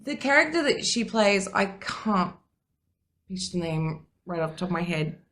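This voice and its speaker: A woman's voice: mid-range voice, sing-song, moderate pace, a bit bright. A woman co-hosting a casual podcast who gushes, swears freely and often trails off mid-thought. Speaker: podcast co-host.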